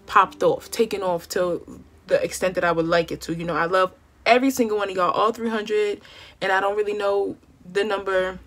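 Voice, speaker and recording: A woman's voice: medium pitch, a bit bright. A woman in her twenties doing her makeup at home while she talks candidly to her viewers, heartfelt and conversational, calling them y'all. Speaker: beauty vlogger. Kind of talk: chatty get-ready-with-me monologue.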